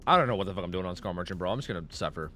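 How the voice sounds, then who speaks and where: A man's voice: sits low, lively intonation, very fast, pushed and bright, soft background music. A young man from Pennsylvania streaming a video game, chatting casually and rambling with lots of fillers and swearing. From Pennsylvania, United States. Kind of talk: casual gameplay commentary.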